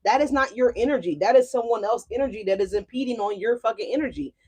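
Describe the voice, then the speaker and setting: A young adult woman doing a casual tarot reading, animated and profane, speaking straight to her viewers. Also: a little high, quick pace, slightly rough. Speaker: tarot reader.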